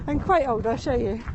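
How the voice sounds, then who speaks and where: A woman's voice: sits high, a little mellow, a little hiss or hum, rough recording. A woman giving a live-streamed walking tour outdoors. She is chatty and rambling, laughs often, and is a bit out of breath from walking, talking into a phone she carries. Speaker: tour guide. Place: outdoors in a city meadow and gardens.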